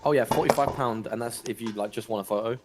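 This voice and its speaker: A man's voice: medium pitch, quick pace. A man on a voice call, chatting casually and jokily, reading out viewer messages. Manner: jokey, reads out chat messages. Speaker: friend on a call reading chat. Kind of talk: casual chat. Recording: noisy background.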